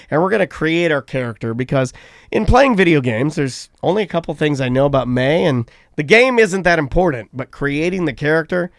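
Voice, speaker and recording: A man's voice: gravelly, no echo, clean studio sound. A middle-aged man hosting a live show, telling a comic story with lots of animation and goofy put-on voices. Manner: animated, shifts into goofy voices and high squeals mid-story. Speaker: host.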